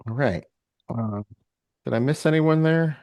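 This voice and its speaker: A man's voice: mid-range voice, a little slow, a little mellow, no room sound, studio quality. A man running a tabletop game session zero in an easygoing, self-deprecating way. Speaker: game master. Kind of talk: session-zero planning chat.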